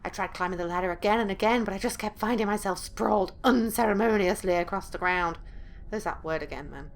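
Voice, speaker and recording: Slight background noise accompanies this let's play gamer, a woman with a mid-range voice talking fairly quickly. She dramatically narrates a horror game's story aloud and breaks in with blunt, profane asides.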